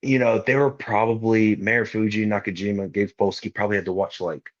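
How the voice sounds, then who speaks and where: The recording has its highs cut off, capturing a young wrestler's lowish voice at a quick pace. As a podcast guest, he tells casual stories in animated slang, acting out what people said.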